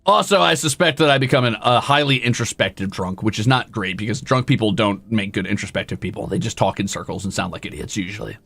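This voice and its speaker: A man's voice: fairly low pitch, fast, vocal fry, few pauses, a bit bright, faint music behind. A male streamer chatting casually with his viewers, rambling and poking fun at himself. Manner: rambling, self-deprecating, talks to chat. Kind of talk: casual livestream chat.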